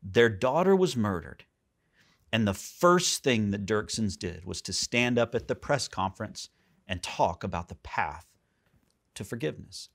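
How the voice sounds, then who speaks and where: A pastor preaching a sermon in a church, animated, jumping up high for emphasis and dropping soft. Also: male voice, unhurried.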